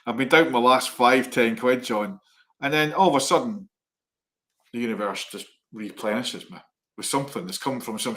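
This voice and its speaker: A man co-hosts a live online chat, spinning casual personal stories with animated energy. He acts out the other people's lines and often breaks into laughter. The sound is that of a home video call. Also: mid-range voice. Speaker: co-host, psychic medium.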